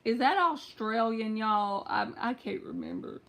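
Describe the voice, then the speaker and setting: A woman's voice: on the high side, expressive, unhurried, a bit bright. A Southern woman, likely in her thirties or forties, giving a casual tarot reading on a live stream at home and chatting straight to her viewers. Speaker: tarot reader.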